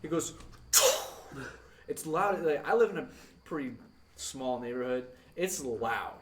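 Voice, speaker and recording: A man's voice: on the high side, animated, slow. A young man telling a story on a podcast in casual chat, rambling with lots of filler words and laughing through it. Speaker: podcast co-host. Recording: distant mic with loud crowd noise.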